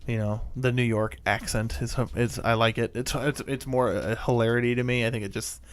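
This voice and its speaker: A man's voice: mid-range voice, steady tone, a little fast, clear, resonant tone. A man from Minnesota co-hosting a podcast, chatting casually in a rambling way and laughing often. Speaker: podcast co-host. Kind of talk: casual chat.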